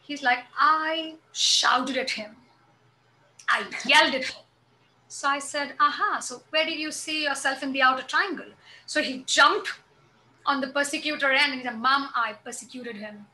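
A woman's voice: high-pitched, sharp tone, a little hiss or hum, poor audio. A woman on a video call, explaining a concept and retelling a family story while acting out the dialogue. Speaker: guest speaker.

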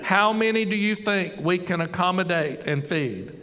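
Guy pastor storytelling in a sermon, kinda high voice, long church echo. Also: normal speed. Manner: conversational storytelling with sudden loud exclamations. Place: church sanctuary. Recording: long hall reverb.

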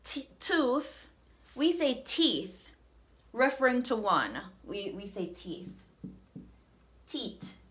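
Jamaican lady teaching a lesson, talks real slow, says words twice so you can repeat. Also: fairly high pitch, big pitch swings, a bit bright. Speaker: language teacher.

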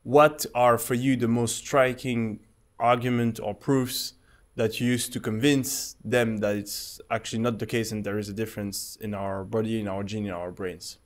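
A man whose first language is French, hosting a podcast interview in English and asking probing questions in a halting way. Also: lowish voice, fairly even intonation. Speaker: podcast host.

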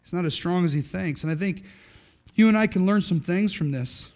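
A man's voice: high voice, fairly quick, a little mellow. A middle-aged man preaching a sermon in an emphatic, conversational way, often tagging lines with "right?". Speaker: pastor.

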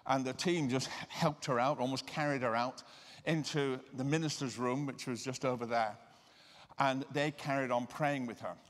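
A man giving a sermon-style lecture. He tells personal stories and slows down to stress key words. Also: medium pitch, steady tone, a bit bright. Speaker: guest lecturer and deliverance minister. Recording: reverberant lecture hall.

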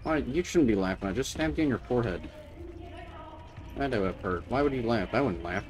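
A man's voice: medium pitch, lively intonation, a little fast, darkish tone. A young man giving nervous, chattering commentary while playing a horror game and talking to the game. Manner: jittery, talks to the game, nervous chuckles. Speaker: gamer.

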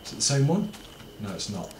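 A man's voice: on the low side, big pitch swings, brisk, a little mellow, roomy sound, slight background noise. A man talking through a horror game as he plays, muttering, swearing and getting jittery. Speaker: gaming video host.

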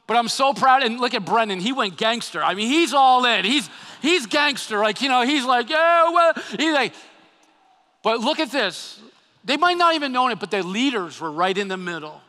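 Animated high-voiced pastor preaching. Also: male voice. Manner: animated, acts out quotes, repeats words. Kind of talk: sermon. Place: church sanctuary. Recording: long hall reverb.

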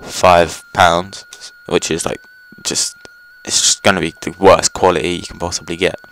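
Here the young gaming host chats loosely while he plays, full of filler words and swearing at foes in casual let's play style. He has a low-pitched, fairly bright voice with huge swings in pitch and a moderate pace, recorded noisily at home.

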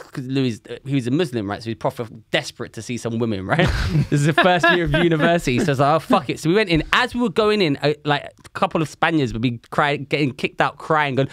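A man's voice: medium pitch, animated, fairly quick, a bit bright, dry recording, studio quality. A man telling a story on a casual podcast, laughing often and swearing freely. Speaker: podcast co-host. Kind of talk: casual chat.

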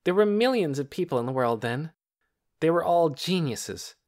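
A man's voice: fairly high pitch, expressive, normal speed, a little mellow, pitched above the performer's own voice. A man voicing a smug, self-important boy who talks in a precise, teacherly way in an audiobook. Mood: lecturing. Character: smug know-it-all boy, superior. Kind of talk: audiobook character reading.

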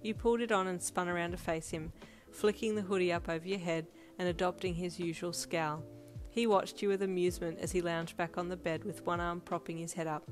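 A woman reading second-person romance fan fiction as narrator, with a steady storytelling delivery. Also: lowish voice, brisk. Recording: lofi music playing underneath. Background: lofi beat.

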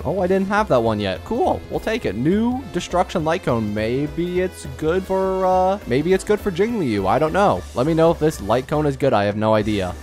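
A man's voice: a little high, darkish tone. A young man doing casual, self-mocking commentary while pulling on a gacha game, pleading and bargaining with it as he goes. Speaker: gaming YouTuber.

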